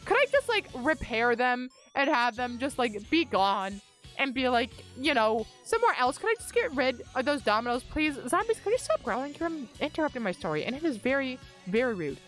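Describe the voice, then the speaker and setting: A woman streamer tells a story while she plays, excitable and liberally profane. Her voice sits high and leaps all over the place in pitch. Soft game music hums underneath. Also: fairly quick. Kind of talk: casual storytelling while gaming.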